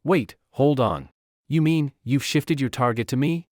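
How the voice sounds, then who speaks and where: A man's voice: mid-range voice, unhurried, no room sound, clean studio sound, close to an everyday voice. A man voicing a flustered young man who protests nervously and stammers.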